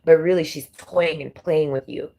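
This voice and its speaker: A woman gives a casual tarot reading, circling back and repeating herself as she talks. Her voice sits slightly low for a woman. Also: steady tone, normal speed, vocal fry, mellow. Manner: rambling, repetitive, heavy on fillers. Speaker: tarot reader.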